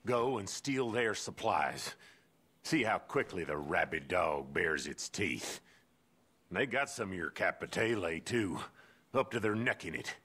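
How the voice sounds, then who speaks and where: An actor voicing a gruff, menacing male outlaw quest-giver in a video game, with slow, contemptuous speech. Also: low-pitched, expressive, a bit bright, full character voice. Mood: scornful.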